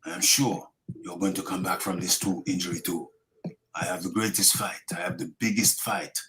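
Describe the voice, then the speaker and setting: A grown male boxer, read out in a hammy mock accent, pays slow and solemn respects, as a man puts him on. The delivery is halting and earnest. The voice sits low with a bright, forceful edge. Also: slight background noise, full character voice, rough recording.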